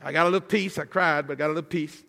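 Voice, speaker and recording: A man giving a sermon as a guest preacher, emphatic and building toward near-shouts, often repeating words as he goes. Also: fairly high pitch, steady tone, rapid-fire, vocal fry. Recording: long hall reverb.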